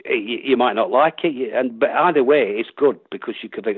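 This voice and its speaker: Husky-voiced Yorkshire actor, chatty guest, rambly; dry, thin phone sound. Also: male voice, medium pitch, expressive, fairly quick, few pauses, no room sound. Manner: rambling, full of restarts and acted-out quotes. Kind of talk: casual interview chat. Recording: tinny dry phone line.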